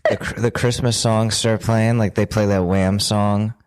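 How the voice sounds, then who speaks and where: A man co-hosting a podcast, chatting casually with dry, drawn-out remarks. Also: on the low side, flat delivery. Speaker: podcast co-host. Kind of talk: casual chat.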